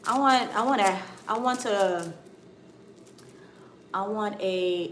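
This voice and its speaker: A woman's voice: mid-range voice, slow pace, fairly bright tone. An American woman giving a tarot reading on a live stream. She reassures her viewers, calls them honey and sweetheart, and keeps checking in with "okay?". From United States. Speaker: tarot card reader. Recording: echoey room with faint background noise.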